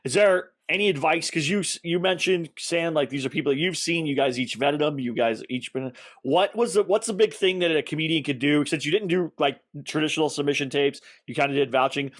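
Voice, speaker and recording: A man's voice: a little high, fairly quick, few pauses. A man hosting a comedy podcast, asking long, rambling questions in a casual chat. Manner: rambling, loosely worded questions. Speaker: podcast host.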